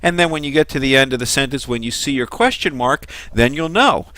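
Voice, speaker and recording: A man's voice: medium pitch, lively intonation, a little fast, pushed and bright, no echo. A man giving a recorded lecture on Greek grammar, explaining patiently and methodically.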